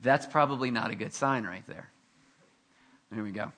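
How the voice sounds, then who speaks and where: A male pastor preaching a conversational, animated sermon with self-deprecating asides. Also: mid-range voice, normal speed.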